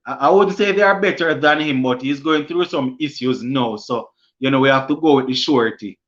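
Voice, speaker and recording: Speaking a little fast in a mid-range voice with a fairly bright tone, a young Jamaican-accented man hosts a cricket live stream. As the sports channel's host, he reads viewer comments out loud and responds casually, all in lo-fi stream audio.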